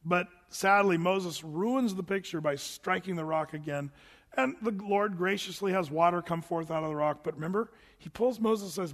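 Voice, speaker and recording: A man preaching a sermon as a pastor, conversational and animated, with casual asides. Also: high-pitched, moderate pace. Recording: long hall reverb.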